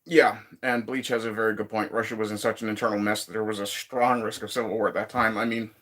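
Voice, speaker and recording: A man's voice: lowish voice, level tone, quick pace, a bit bright. A man hosting a casual livestream from his woodshed, reading viewer chat in a laid-back, profane way with frequent chuckles.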